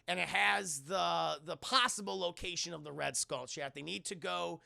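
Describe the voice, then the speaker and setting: A man giving a casual, profane livestream film review, excitable and often talking to his chat while acting out characters in loud voices. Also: high voice, moderate pace, creaky, no room sound.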